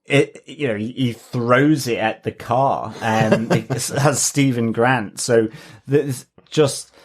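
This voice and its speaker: A man co-hosting a casual podcast discussion, enthusiastic and halting, restarting his sentences as he goes. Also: medium pitch, steady tone. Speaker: podcast co-host.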